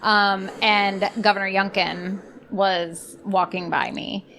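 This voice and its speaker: A woman hosting a casual podcast, with a gravelly, vocal-fry edge on a voice of middling pitch. She rambles chattily with plenty of fillers and self-corrections, turning blunt and sarcastic when politics comes up. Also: little pitch movement, slow pace, a bit bright, a little hiss or hum. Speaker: podcast host.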